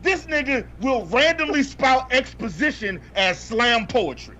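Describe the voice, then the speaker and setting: High-voiced man ranting about a bad movie. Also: animated, unhurried, sharp tone. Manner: exasperated, profane, repeats punchlines for emphasis. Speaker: podcast co-host reviewing movies. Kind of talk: comedic ranting movie review. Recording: dull lo-fi audio with faint noise.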